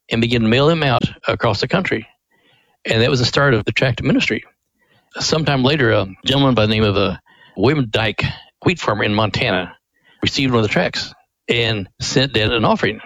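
An older man recounts a family story as a radio guest, folksy and animated. He speaks at a mid pitch, and the sound is dry and close to the mic. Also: normal speed, dry recording, low-quality recording. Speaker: ministry president, guest. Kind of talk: storytelling interview.

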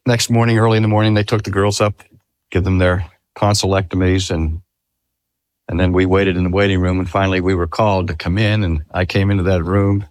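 An older man, a pastor, preaching a sermon in a slow, measured way. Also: low-pitched, no echo, studio quality. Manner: slow, measured delivery with lively rises and falls.

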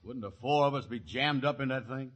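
An actor playing a slow, easygoing, gullible man in a 1950s radio comedy, drawling and doubtful. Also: mid-range voice, a bit bright, close to an everyday voice.

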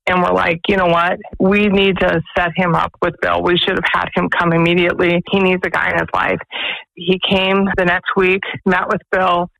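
A woman's voice: lowish voice, moderate pace, creaky, highs cut off. A woman who runs a pregnancy resource center, telling stories earnestly as a guest on a radio interview. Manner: earnest, animated storyteller.

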